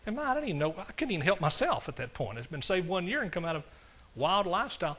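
A man's voice: high-pitched, sing-song, fast, fairly bright tone, breathy edge. A pastor from East Texas, telling his conversion story in a sermon, folksy and building to fervent exclamations. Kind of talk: sermon testimony. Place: church service.

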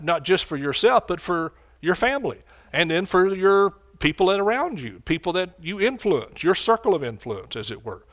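Fervent preacher with a raised pitch. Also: male voice, a bit bright. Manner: fervent, calls out to the congregation for response. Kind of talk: sermon.

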